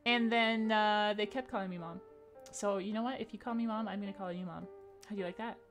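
A woman's voice: mid-range voice, fairly even intonation, over music. Giggly woman streamer reading chat aloud. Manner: upbeat, giggly, reads chat names aloud rapidly. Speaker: game streamer. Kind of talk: casual live-stream chat.

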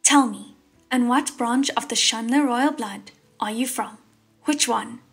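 A woman voicing a crude, mocking young male ghost king in an audiobook, slow and sneering, with a husky voice. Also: fairly high pitch, faint music behind, full character voice.

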